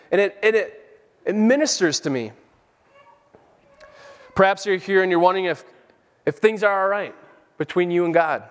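A man's voice: sits high, moderate pace, pauses often. A middle-aged man preaching a sermon with fervent, emphatic peaks. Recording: long hall reverb.

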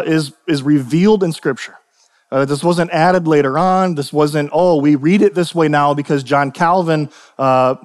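Young male pastor, slightly high voice, loose conversational sermon delivery, long church-hall reverb. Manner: conversational, repeats and restarts, asks "right?".

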